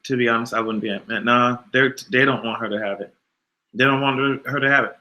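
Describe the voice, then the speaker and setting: A man hosting a casual livestream, animated and exasperated, swearing freely and answering his chat. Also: medium pitch, fairly quick, dull audio. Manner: animated, exasperated, profane, talks back to chat. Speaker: YouTube livestream host.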